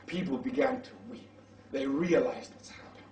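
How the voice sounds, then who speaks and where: A man's voice: mid-range voice, normal speed, a little mellow. A man lecturing as a preacher, telling a story dramatically and shifting his volume for effect. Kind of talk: storytelling sermon. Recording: echoey room, mic at distance.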